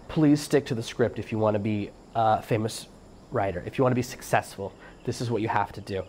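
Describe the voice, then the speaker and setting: A man's voice: medium pitch, darkish tone, a little hiss or hum. A middle-aged man hosting a solo podcast, giving emphatic coaching advice and acting out little bits of dialogue. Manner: fast-talking, emphatic coaching tone; acts out quoted dialogue. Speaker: podcast host.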